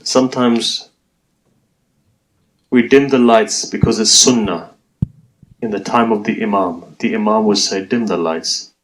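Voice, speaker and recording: A man's voice: lowish voice, steady tone, measured pace, pauses often, a little hiss or hum, rough recording. A man preaching a mourning sermon, telling a story in a conversational way and speaking straight to his listeners. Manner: conversational storytelling, addressing the audience directly. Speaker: Muslim preacher.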